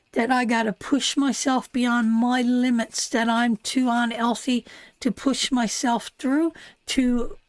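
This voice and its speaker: A woman's voice: fairly high pitch, no echo. An older woman from Newfoundland with a Newfoundland accent, hosting a live tarot stream in casual, affectionate talk and calling viewers darling and sweetheart. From Newfoundland, Canada.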